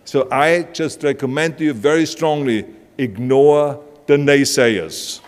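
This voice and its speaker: Speaking at a measured pace in a medium pitch, this older man from Austria has a heavy Austrian German accent. As keynote speaker in a big event hall, he tells punchy anecdotes in an emphatic motivational talk. Some chatter and slight background noise sit under the long live-stage hall reverb.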